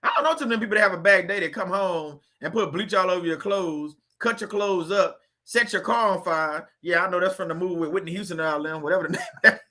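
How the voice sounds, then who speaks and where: A man's voice: high voice, quick pace, bright, forceful tone. A man hosting a faith-based video channel, talking in a casual, preachy way and putting rhetorical questions straight to his viewers.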